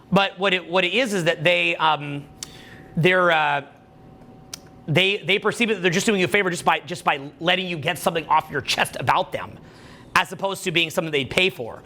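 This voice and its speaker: A man giving a casual motivational talk about social skills, rambling, animated and full of "like" and "right?". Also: high-pitched, brisk. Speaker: dating and social skills coach.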